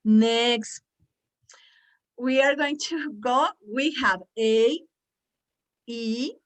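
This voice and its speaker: Lively woman coaching pronunciation, slightly high voice. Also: very slow. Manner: animated, coaxing, repeats words for the group. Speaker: pronunciation trainer for teachers. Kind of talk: lively online teaching workshop.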